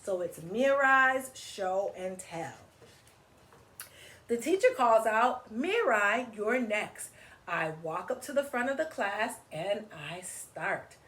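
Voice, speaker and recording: Animated woman reading aloud to kids. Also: medium pitch, takes it slowly. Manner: animated, teacherly, asks children questions. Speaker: children's story reader. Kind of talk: read-aloud for children.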